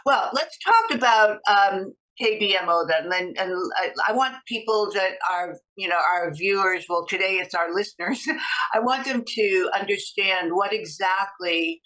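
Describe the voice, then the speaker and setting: A woman's voice: medium pitch, lively intonation, a little slow, pushed and bright, rough recording. A woman hosting a podcast, originally from the Boston area, with a faint trace of a Boston accent, chatty and full of personal asides. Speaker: podcast host. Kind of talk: conversational interview.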